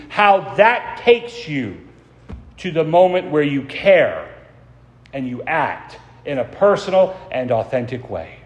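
Pastor preaching in an echoing church. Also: male voice, a little high. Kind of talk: sermon. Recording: long church reverb.

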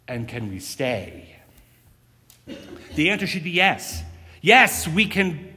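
A pastor giving a sermon in a measured preaching style, with pauses and rhetorical questions. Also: male voice, sits high, a bit bright. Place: church sanctuary. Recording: reverberant sanctuary.

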